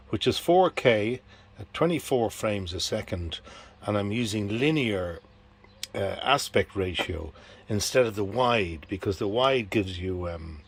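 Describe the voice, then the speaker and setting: A middle-aged Irish travel vlogger with a lowish, breathy voice chats casually to a handheld action camera on a busy street. He's easygoing and rambling, full of fillers, with street noise behind him.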